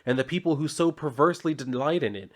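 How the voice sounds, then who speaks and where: A man's voice: on the high side, quick pace, pitched above the performer's own voice, natural voice. A man voicing a chatty, oddball male cosmic watcher who rambles in a loose, slangy way.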